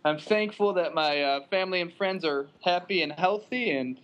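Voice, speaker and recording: A man's voice: sits high, normal speed, a bit bright, highs cut off. A man co-hosting a podcast, talking in an easygoing way and laughing often. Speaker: podcast co-host. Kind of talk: casual podcast chat.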